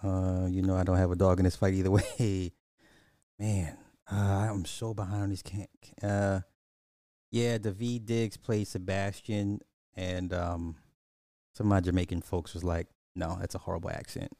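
Low, mellow man riffing on live chat. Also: flat delivery, measured pace, no room sound, studio quality. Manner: loose, rambling, talks back to chat, frequent restarts. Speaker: podcast host reading live chat. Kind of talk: casual live commentary.

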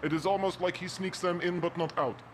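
A man's voice: high-pitched, fairly even intonation, brisk, slight background noise, natural voice. A man voicing a friendly building supervisor who speaks broken English and drops his articles. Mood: chatty.

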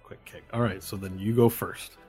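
A man's voice: lowish voice, steady tone, moderate pace, a little mellow, slightly rough, soft background music. A man acting as game master, talking through moves and dice rolls step by step and correcting himself as he goes. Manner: explains rules step by step, with fillers and self-corrections. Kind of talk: narrating a tabletop game.

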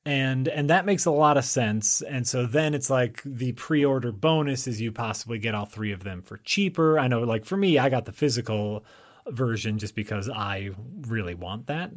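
A man co-hosting a casual podcast talks in an animated way. He uses lots of fillers and laughs easily. His voice is mid-pitched. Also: moderate pace. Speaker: podcast co-host. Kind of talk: casual chat.

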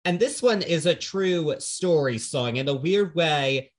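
A man's voice: a little high, expressive, unhurried. A man co-hosting a podcast, talking through an album in a casual, earnest and thoughtful way. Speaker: podcast co-host. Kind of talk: casual music review chat.

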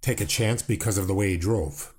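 A man hosting a chat show, talking deliberately with dry, wry asides. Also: on the low side, a little mellow. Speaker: podcast host. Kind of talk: casual interview chat.

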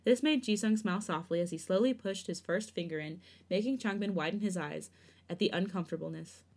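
A woman co-hosting a podcast, narrating fan fiction in a steady, even reading voice. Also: on the low side, fairly quick. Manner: smooth, steady reading, giggly in chat. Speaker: podcast co-host.

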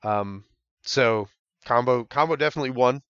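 A man co-hosts a casual podcast, telling stories in a lively, rambling way. His mid-pitched voice is recorded dry and a little dull, as on a lo-fi mic. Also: moderate pace, clear, resonant tone, no room sound. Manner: animated storyteller, many fillers and laughs. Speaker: podcast co-host.

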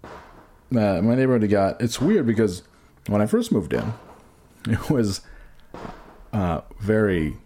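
A man's voice: lowish voice, expressive, takes it slowly, pauses often, dark tone, a little hiss or hum. A man co-hosting a podcast in casual banter, rambling and profane, often trailing off and restarting sentences. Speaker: podcast co-host.

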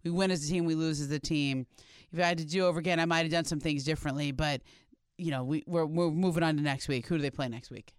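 A sports commentator talks through a game in a thoughtful, explaining way. The voice is smooth and clear, and the recording is dry. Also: mid-range voice, steady tone, quick pace, no echo. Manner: reflective, explanatory. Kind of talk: casual sports talk.

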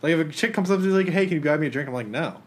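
A man's voice: fairly high pitch, very fast. A man co-hosting a podcast, joking in a mock-serious, casual way. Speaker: podcast co-host.

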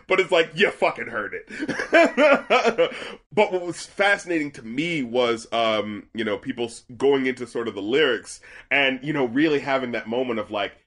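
Animated young man in casual chat. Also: a little high. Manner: animated, swearing, many fillers and restarts. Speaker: podcast co-host reviewing albums.

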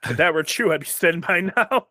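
A young adult man with a deep, booming voice, co-hosting a podcast in a casual, rambling chat with dry, deadpan humor. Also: brisk, dry recording. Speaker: podcast co-host.

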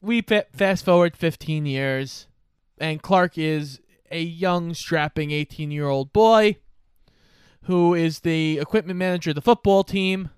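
A young man with a smooth, somewhat high voice narrates a film's plot in relaxed, casual fashion. He defends the story's choices without much heat. The recording is close and dry. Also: unhurried, dry recording. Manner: laid-back, plot-summarizing, mildly defensive. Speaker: podcast co-host. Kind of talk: casual movie recap.

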